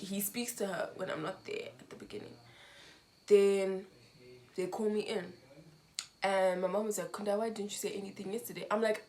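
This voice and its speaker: Young woman telling an emotional story. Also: mid-range voice. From Zimbabwe. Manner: emotional, animated retelling with quoted dialogue. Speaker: vlogger. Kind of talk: storytime vlog.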